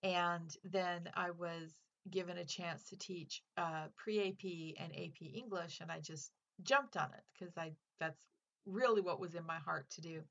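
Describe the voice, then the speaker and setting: A woman's voice: on the low side, a little slow, fairly bright tone, highs cut off. A woman English teacher hosting a literature podcast, giving a casual spoken lesson in an earnest, chatty way with fillers.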